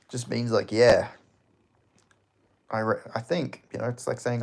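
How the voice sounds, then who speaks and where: Aussie streamer, male, mid-pitched, casual chat host, swears freely, jokey, laughs a lot. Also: steady tone, a little slow, long pauses. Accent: Australian. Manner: loose and joking, swears often, laughs between lines. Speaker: livestream host. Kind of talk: casual livestream chat, reading viewer comments.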